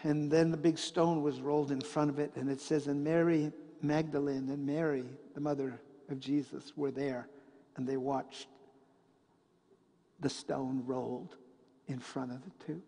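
Slow, gravelly preacher in a reverberant church. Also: male voice, on the high side, little pitch movement. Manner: storytelling preacher, swings between loud and hushed. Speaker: pastor. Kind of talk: sermon. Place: church sanctuary.

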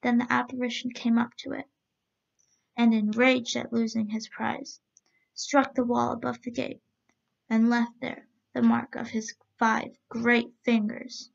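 Gravelly woman reading a storybook. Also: a little high, unhurried. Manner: steady, even-paced read-aloud. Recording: dull lo-fi recording.

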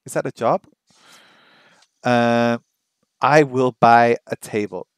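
In a relaxed think-aloud study stream, a man practicing a language repeats phrases over and over and mocks himself along the way. His mid-range voice is fairly even and slow with a clean tone. There's no echo and the sound is studio-clean, but his streaming mic registers him faintly.

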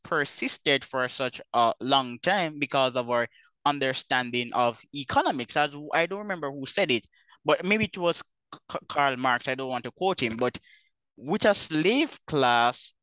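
A man hosting an interview, talking in a measured, deliberate way with occasional stumbles. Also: medium pitch, expressive, pushed and bright, smooth, no echo. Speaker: interview host. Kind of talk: conversational interview.

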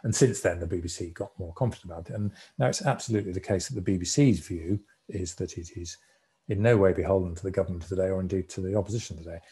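Man in his 60s, low mellow voice, relaxed storyteller at a society talk. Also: fast. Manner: conversational storyteller, relaxed and reflective. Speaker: guest speaker, former broadcasting executive. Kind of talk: anecdotal public talk.

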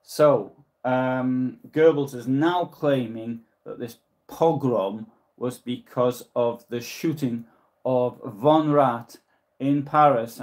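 A man with a Newcastle accent speaks at an ordinary, mid-range pitch while hosting a live history broadcast from his house. He translates old documents aloud in a halting way. He keeps stopping to explain what he has read and to answer viewer comments. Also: a little mellow. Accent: Newcastle English. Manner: halting, pauses to explain and correct himself. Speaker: history livestream host. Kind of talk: live-translating a diary and reading chat comments.

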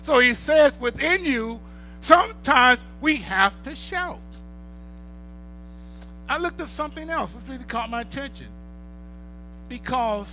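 High-voiced man preaching an emphatic sermon. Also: low-quality recording. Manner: emphatic, repeats phrases, swings from quiet to loud.

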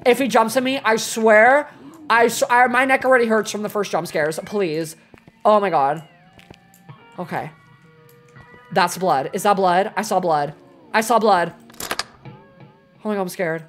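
A young woman streaming a horror game, talking to chat and reacting loudly, with lots of swearing. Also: mid-range voice, unhurried, pauses often, soft background music. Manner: animated, swearing, dramatic scared outbursts. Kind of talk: live gameplay commentary.

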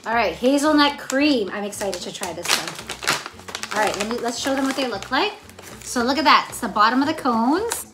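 A woman hosting a casual snack-tasting vlog, talking in an excited, bubbly way. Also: on the high side, moderate pace, over music. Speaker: vlogger host.

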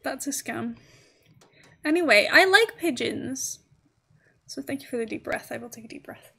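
Woman, high-pitched, gaming livestream, casual chat, giggly, chatty. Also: lively intonation, moderate pace, gravelly, sharp tone, slightly rough. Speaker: streamer.

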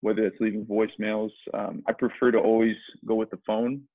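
A lowish, husky male voice comes through a thin, phone-like line with a dry sound. He is a sales rep guest on a podcast interview. He rambles, restarting his sentences as he thinks aloud. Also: little pitch movement, fairly quick, dry recording. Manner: rambling, many restarts and fillers. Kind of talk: conversational interview.

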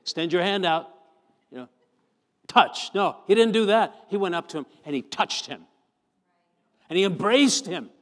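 A man, a pastor, preaching a sermon, moving from chatty storytelling to fervent, loud emphasis. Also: sits high, expressive, moderate pace, pauses often. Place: church sanctuary. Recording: long church hall reverb.

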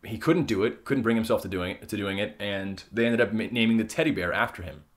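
A man co-hosting a podcast in casual, laid-back chat, often laughing and pausing on fillers. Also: on the low side. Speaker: podcast co-host.

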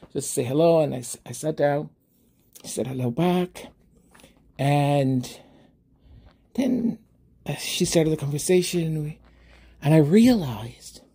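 A man's voice: on the high side, breathy edge. A man hosting his own podcast, telling a story in a casual monologue, laughing often and acting out both sides of a conversation. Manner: animated, laughing, acts out both sides of a dialogue. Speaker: podcast host.

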